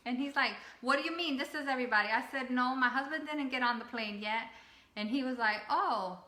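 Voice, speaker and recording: A woman co-hosting a casual family chat, recounting a trip in a lively way and quoting the people she met. Her voice sits a little high and bright. The room around her is echoey. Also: normal speed, pauses often. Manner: lively, quotes others, laughs often. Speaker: co-host of a family channel.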